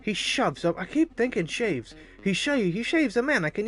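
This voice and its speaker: Animated, cursing male game streamer. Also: high-pitched, fairly quick, few pauses, faint music behind. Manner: profane, animated, self-mocking asides. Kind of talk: reading a visual novel aloud with casual commentary.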